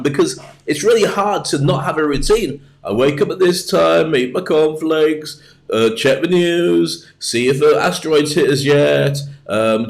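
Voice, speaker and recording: A motivational speaker talks straight to his online audience in a chatty, joking way. His voice sits a little high for a man, and he slips in self-mocking asides as he goes through his tips. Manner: chatty, jokey, self-deprecating, with lively asides. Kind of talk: livestreamed solo talk.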